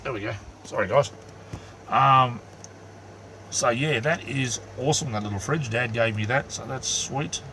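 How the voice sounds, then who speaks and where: Casting: Australian bloke, mid-pitch, straight-talking live-streamer, faint hum behind. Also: male voice, unhurried, bright, forceful tone. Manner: blunt, rambling, lots of ums. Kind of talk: casual live-stream chat.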